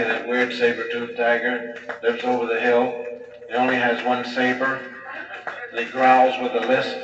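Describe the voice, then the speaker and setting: A man's voice: medium pitch, completely flat delivery, unhurried, over music. Rambling male stand-up comic, far off. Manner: rambling, full of "you know". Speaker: comedian. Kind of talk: stand-up storytelling. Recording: distant, echoey, dull live recording.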